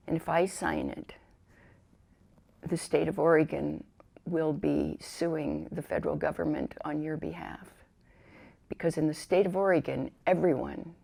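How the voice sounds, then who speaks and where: Gravelly older woman, dark voice. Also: low-pitched. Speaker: veteran telling her story. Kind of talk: oral history interview.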